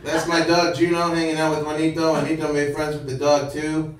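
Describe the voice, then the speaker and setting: Chatty comedian in an echoey hall. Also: male voice, fairly high pitch, monotone, a little fast. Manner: chatty, laughs at own jokes, small restarts. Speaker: stand-up comedian. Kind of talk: stand-up storytelling. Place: event hall with live audience. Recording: echoey hall, distant mic, audience laughter.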